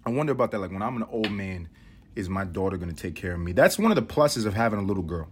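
A man's voice: expressive, fast, a little hiss or hum. A young man from New York City telling rambling, profane stories on his solo podcast. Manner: rambling, profane, muses aloud; mimics his grandmother in a high voice. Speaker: podcast host. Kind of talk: casual solo storytelling.

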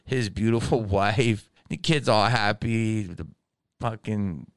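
A man hosting a comedy podcast, delivering a profane, animated solo monologue and slipping into impressions. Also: lowish voice, takes it slowly, clean tone, dry recording. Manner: slips in impressions.

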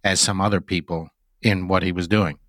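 A man hosting an interview, asking measured, prompting questions. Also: low-pitched, steady tone, a bit bright, no room sound, studio quality. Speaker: interviewer host.

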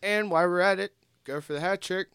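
A man's voice: sits high, fast talker, a bit bright, clean tone, no echo. A man co-hosting a podcast in casual chat, joking and challenging the others with questions. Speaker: podcast co-host.

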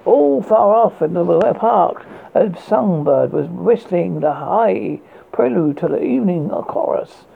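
A man with a British accent, a horror podcast host giving a dramatic, measured reading of a ghost story. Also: sits high, lively intonation, gravelly, slight background noise. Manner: measured, slow narration with stumbles. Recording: tinny phone-like audio.

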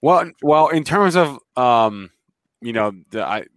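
A man co-hosting a market show, chatting in a halting way and stumbling over his words. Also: mid-range voice, animated, no echo. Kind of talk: casual trading chat.

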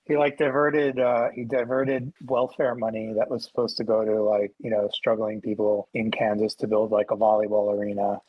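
A man's voice: on the low side, moderate pace, few pauses, lo-fi sound. Easygoing man telling an anecdote. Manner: relaxed anecdote-teller with many fillers. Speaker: podcast guest. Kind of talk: casual chat.

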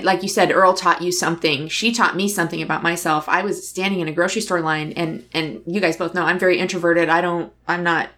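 A woman's voice: on the low side, a bit bright. Woman, conversational storyteller; candid, reflective, voices the dialogue. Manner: candid, reflective, acts out dialogue in her stories. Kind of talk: casual conversation, personal storytelling.

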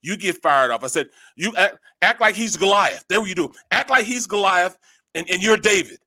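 A man with a high, bright voice tells a football story in casual talk-show chat. He is animated and laughs often, acting out every quote he tells. The sound is dry and close. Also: normal speed, no room sound. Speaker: co-host, former football lineman. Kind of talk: casual sports radio chat.

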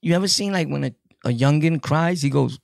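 Gravelly, joking New York man. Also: a little high, fairly quick, no echo. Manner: joking, laughs often, heavy street slang. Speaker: podcaster telling prison stories. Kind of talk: casual storytelling to camera.

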